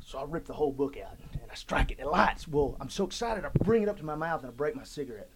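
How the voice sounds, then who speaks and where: A man telling a personal story in casual, rough-spoken talk, often saying "man" and "dude". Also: on the high side, animated, quick pace, noisy background. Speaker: guest telling his story.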